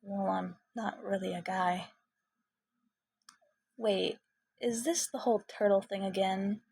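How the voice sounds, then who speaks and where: A shy, brainy young turtle, as a woman reads him, soft-spoken and modest, stopping to hesitate before he says what he feels. His voice has a gravelly, husky grain, and it sounds dry and close, with no room around it. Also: mid-range voice, steady tone, slow, dry recording, exaggerated voice. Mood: shy, gentle. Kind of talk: fan fiction reading.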